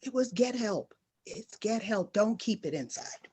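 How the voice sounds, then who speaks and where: A middle-aged woman speaks as a nurse guest on a panel, earnest and emphatic. She leans on her key phrases and says them again for weight. Her voice sits at an ordinary middle pitch. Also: expressive, unhurried, a little mellow, slight background noise. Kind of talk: personal testimony in a panel discussion.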